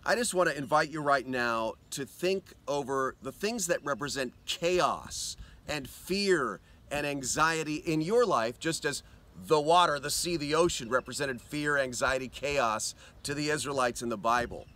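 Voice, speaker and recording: A man speaking outdoors on a lakeshore, giving an earnest, inviting devotional talk and slowing down for scripture quotes. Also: a little high, bright, forceful tone. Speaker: pastor.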